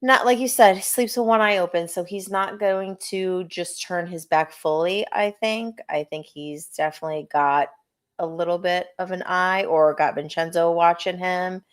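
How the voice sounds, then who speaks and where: A woman with a somewhat low voice co-hosts a casual wrestling talk show. She is animated and laughs easily, often poking fun at herself. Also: moderate pace. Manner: animated, laughing, self-deprecating. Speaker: podcast co-host. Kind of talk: casual chat reviewing wrestling.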